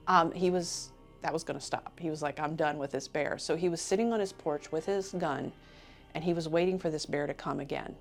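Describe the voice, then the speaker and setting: A woman casually retelling someone else's encounter story in an interview, voicing his quoted words as she goes. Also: deep voice. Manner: animated retelling, voices others' quoted words. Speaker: interviewee retelling a witness account.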